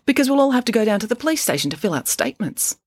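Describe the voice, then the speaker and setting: A woman reading the part of a sardonic schoolgirl who makes deadpan, wry remarks in a lifted voice. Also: a little high, very fast, slightly rough, no room sound, voice pushed up. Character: sardonic, quick-witted schoolgirl, wry and gloomy.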